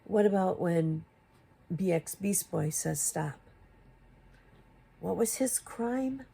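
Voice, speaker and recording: This commentary YouTuber confronts a fellow creator with rhetorical questions, rising to exasperated emphasis. Her lowish voice is expressive, slow, creaky, and warm, with a breathy edge.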